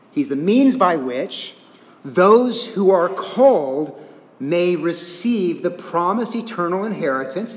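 Man preaching in an echoey hall. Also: fairly high pitch. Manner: earnest expository preaching, shifting between quiet emphasis and rising intensity. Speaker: pastor. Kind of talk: sermon.

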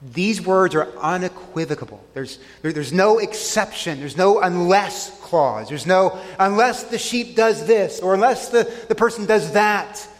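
A middle-aged pastor delivers an earnest sermon in a church sanctuary, his voice sitting a bit high for a man. He often sinks quiet and low to press a point home. A long reverb trails each phrase through the hall. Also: lively intonation, a little slow, hardly any pauses. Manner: earnest preaching, dropping soft and low on key lines.

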